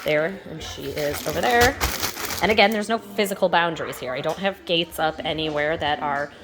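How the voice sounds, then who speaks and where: A woman's voice: moderate pace, crowd noise. Chatty woman training her dog at home. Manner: chatty, loose, with fillers and restarts; sweet high baby talk to the dogs. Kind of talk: casual instructional vlog. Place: in her home, walking between rooms.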